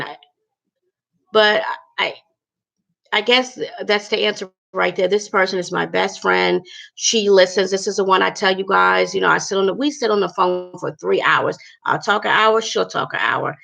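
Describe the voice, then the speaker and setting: A woman's voice: medium pitch, vocal fry, fairly bright tone. A woman vlogger venting emotionally to her viewers in a chatty, emphatic way, repeating herself as she talks. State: emotional, upset. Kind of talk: emotional personal vlog rant.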